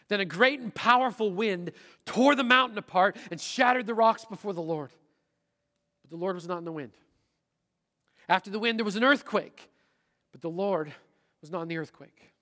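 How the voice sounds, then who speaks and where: A middle-aged man preaching a sermon, dramatic, voicing inner thoughts aloud and swinging from loud to hushed. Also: high voice. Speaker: pastor. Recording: hall reverb.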